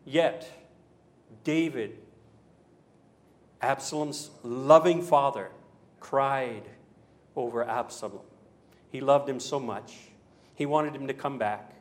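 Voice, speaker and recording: A man preaching a sermon, telling a story dramatically and moving between emphatic passages and hushed ones. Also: mid-range voice, takes it slowly, long pauses. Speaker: pastor.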